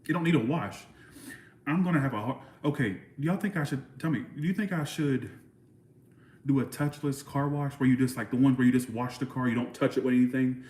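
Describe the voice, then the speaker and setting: Southern US man, Georgia accent, chatty livestream host, blunt rambling, mid pitch, echoey room. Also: fairly quick, darkish tone. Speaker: channel host. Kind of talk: casual livestream chat.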